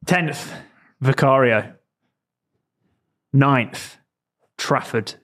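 A man co-hosting a football podcast, quizzing the others in quick, lively chat and laughing often. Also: medium pitch. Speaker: podcast co-host. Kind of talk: casual chat.

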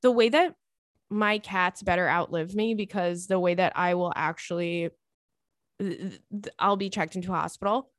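A woman in her thirties hosting a podcast, chatting casually and reading a listener letter aloud in a lively, excitable way with casual swearing. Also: lowish voice, moderate pace, dry recording, studio quality. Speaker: podcast host.

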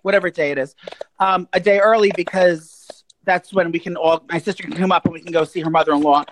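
A man's voice: high-pitched, steady tone, fast, a bit bright, a little hiss or hum. A man co-hosting a podcast, telling gossipy stories in a campy, rambling way full of fillers. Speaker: podcast co-host. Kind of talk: casual chat.

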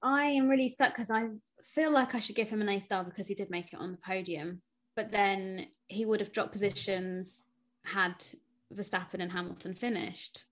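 A woman co-hosts a podcast with short, easygoing answers. Her voice sits at an ordinary middle pitch for a woman. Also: fairly even intonation, moderate pace, fairly bright tone. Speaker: podcast co-host. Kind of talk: casual chat.

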